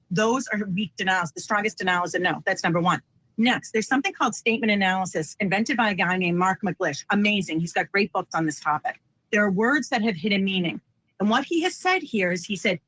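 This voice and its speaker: A woman giving animated, teacherly expert commentary on a news panel as a deception analyst. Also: medium pitch, brisk, no echo, rough recording.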